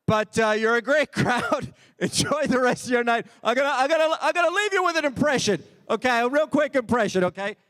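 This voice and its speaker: A man's voice: extremely high pitch, lively intonation, brisk, few pauses, fairly bright tone. A man doing stand-up comedy on a theatre stage, rambling in mock outrage and repeating stock complaints. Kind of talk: stand-up parody of a vague edgy comic. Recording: live theatre hall reverb.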